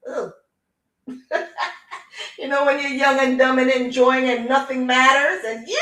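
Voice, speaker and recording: Chatty woman livestreaming. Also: fairly high pitch. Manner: chatty, animated, switches into patois. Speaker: livestream host. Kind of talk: casual chat. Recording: echoey room.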